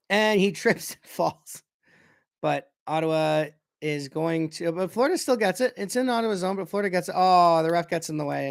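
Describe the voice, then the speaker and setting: A young man gives casual, excitable play-by-play of a hockey game as a fan, often stopping to correct himself about who has the puck. His voice sits a little high with a gravelly edge. The sound is dry and close. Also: dry recording. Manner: excitable, self-correcting, unsure of player names. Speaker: fan commentator.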